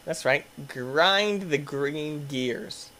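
A man's voice: a little high, very slow. A man giving playful let's play commentary, yelping, laughing and chatting with the characters on screen. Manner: excitable, yelps and laughs, talks to game characters. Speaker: gaming YouTuber.

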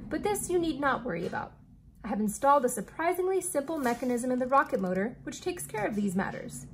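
A woman reading aloud as an eccentric male inventor who speaks in a formal, old-fashioned, deliberate way. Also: high-pitched, sing-song, slight background noise.

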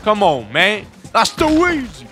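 A young man giving casual, excitable gameplay commentary as a streamer, swearing and joking as he plays. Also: sits high, measured pace. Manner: excitable, swearing, jokey outbursts. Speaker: gaming streamer. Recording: voice over loud game music. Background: game music.

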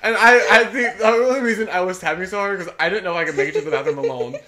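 A young woman co-hosting a casual podcast chat, giggly and breaking into loud laughter as she tells stories. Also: medium pitch, fast. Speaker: podcast co-host.

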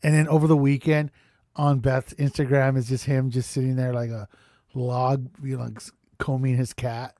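A man's voice: mid-range voice, little pitch movement, moderate pace, dark tone, dry recording, studio quality. A man co-hosting a podcast, teasing the others with sarcastic interjections. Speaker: podcast co-host. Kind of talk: casual chat.

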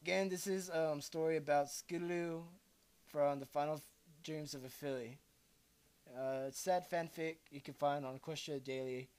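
A woman's voice: low voice, steady tone, normal speed, darkish tone. A woman casually introducing her fan song cover, hesitant and apologetic, her voice strained from singing. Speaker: amateur singer presenting a fan song cover. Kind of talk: casual spoken asides between singing.

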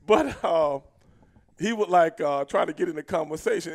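A middle-aged American man telling a road story casually, cursing a lot and shouting out the lines he quotes. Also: fairly high pitch, a little fast, gravelly. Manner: profane, animated, shouts when quoting himself.

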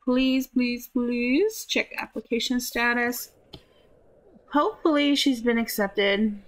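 A woman's voice: fairly high pitch, slow. A woman giving casual gameplay commentary, chatting to her characters and swearing offhandedly. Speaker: gameplay streamer.

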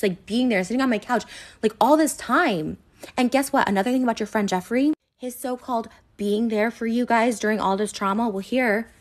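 A hurt, upset woman talks straight to her viewers in a rapid, rambling rant. She stacks fillers, restarts and repeats herself as she goes, and her pitch sits in a plain middle range. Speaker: internet personality. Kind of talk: emotional direct-to-camera rant.

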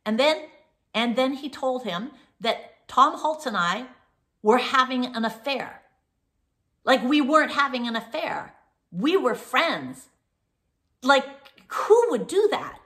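A woman's voice: high voice, animated, slow, long pauses, a bit bright. An older woman hosting a casual show, telling a long personal story in a rambling way with many fillers and restarts. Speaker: host.

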